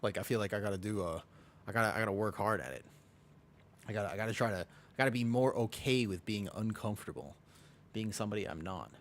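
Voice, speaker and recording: A man with a low voice chats casually on a game stream. He rambles and mocks himself, often restarting his sentences and breaking into laughs. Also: fast talker. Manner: rambling, self-mocking, many restarts and laughs. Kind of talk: casual live-stream chat while gaming.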